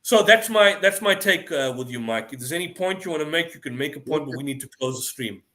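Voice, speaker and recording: A man's voice: a little high, animated, fast, bright, forceful tone. A man co-hosting a live debate stream, arguing emphatically and often restarting his sentences. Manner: emphatic, argumentative, with frequent restarts. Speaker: co-host.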